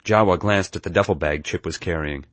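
A man reading a first-person adventure story aloud in a steady, measured way. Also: low-pitched, dry recording. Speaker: audiobook narrator. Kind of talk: scripted first-person narration.

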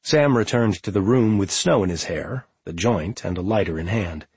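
A man giving a calm, measured audiobook narration of a novel. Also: sits low, breathy edge, no echo.

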